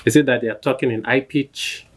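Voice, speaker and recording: A man's voice: medium pitch, fairly even intonation, fairly quick, slight background noise. A man from Nigeria with a Nigerian accent, chatting casually with his spouse in an easygoing, rambling way. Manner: easygoing, filler-heavy storytelling. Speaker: co-host. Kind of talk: casual couple chat.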